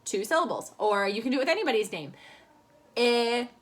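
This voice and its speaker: A woman teaching a children's lesson over video from home, cheerful, slow and clear for young kids. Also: medium pitch, big pitch swings. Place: home room. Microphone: phone camera at arm's length.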